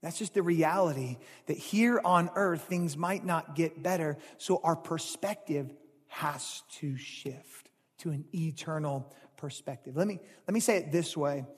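A pastor preaching a sermon in an animated way, rising loud and falling to hushed asides. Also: male voice, on the high side, measured pace, slightly rough. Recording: long hall reverb.

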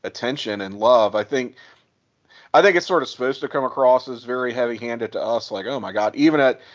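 A man's voice: mid-range voice, a little fast, lo-fi sound. A man co-hosting a podcast, talking casually and thinking aloud with hedges and fillers. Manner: thoughtful, hedging, many fillers. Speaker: podcast co-host. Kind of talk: casual chat.

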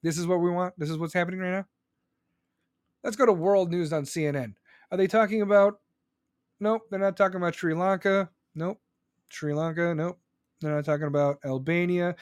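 High-pitched man in an angry profane rant. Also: darkish tone, no echo, studio quality. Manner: profane, heated, sarcastic. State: seething. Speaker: streamer ranting.

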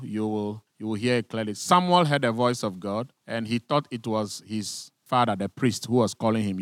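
A man preaching a teaching sermon in a church, with a measured pace and questions put to the congregation. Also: medium pitch, no room sound, studio quality.

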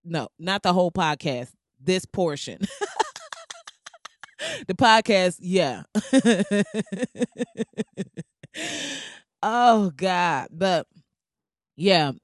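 A podcast host telling stories in casual, comedic chat, animated and full of slang and swearing, laughing often. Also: mid-range voice, drawn-out words, pauses often, no room sound, studio quality. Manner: animated, slangy, profane storytelling with frequent laughs.

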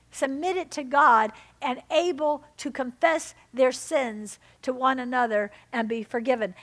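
A woman preaching to her congregation with a fairly high voice. She urges and exhorts, then drops to soft, close lines. Her delivery is a pastor's sermon, emphatic and personal. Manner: emphatic, swings between loud exhortation and soft intimate lines.

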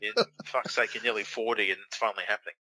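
A man's voice: on the low side, steady tone, fast, sharp tone, slight background noise, low-quality recording. A man co-hosting a wrestling watch-along, teasing his friend with crude, mocking, profane banter.

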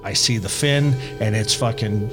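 A man casually retelling a story to friends, animated and sprinkled with profanity. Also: fairly low pitch, moderate pace, music in the background. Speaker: podcast co-host.

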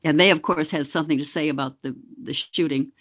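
Animated older woman telling a story. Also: low-pitched, a little fast. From Boston area. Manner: animated, vivid storyteller who mimics sounds. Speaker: guest, former news anchor. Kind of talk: reminiscing interview storytelling.

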